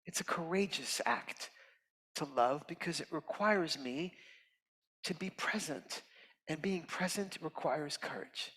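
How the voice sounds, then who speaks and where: A man giving a heartfelt, expressive inspirational talk as a guest speaker at a temple, swinging from loud emphasis to soft near-whispers. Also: a little high, takes it slowly, husky. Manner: earnest and heartfelt, tearful at moments. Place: temple sanctuary. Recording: reverberant hall.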